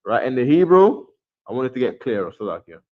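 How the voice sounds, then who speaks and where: A man's voice: medium pitch, big pitch swings, fast. A man teaching a class from a chart, repeating himself and checking in with "right?" after each point, sometimes dropping to a mutter. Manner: drops to a mutter when fiddling with the camera. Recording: dull lo-fi sound.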